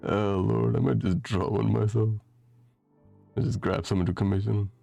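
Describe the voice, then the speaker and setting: A man's voice: lowish voice, fairly even intonation, normal speed, vocal fry, dark tone, faint music behind. A young man chatting casually out of character after a tabletop roleplay session, rambling with many fillers and restarts and laughing often. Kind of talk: casual out-of-character chat on a stream.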